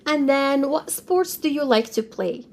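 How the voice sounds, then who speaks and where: A woman teaches vocabulary at an unhurried pace. Her fairly high voice carries a gravelly edge. She spells words out letter by letter and says them again for the learner. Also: expressive, a little hiss or hum. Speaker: French teacher. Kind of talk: vocabulary lesson.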